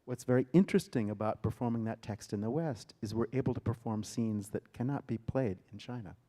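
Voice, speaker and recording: A man, a theater director, giving a lecture and retelling a story with dramatic emphasis and sudden loud bursts. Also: mid-range voice, a little fast. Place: lecture hall.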